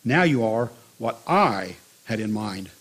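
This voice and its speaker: A man voicing a patient, gentle potter who speaks quietly and calmly, in a husky voice. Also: lowish voice, takes it slowly, pitched below the performer's own voice, exaggerated voice. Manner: quiet, calm.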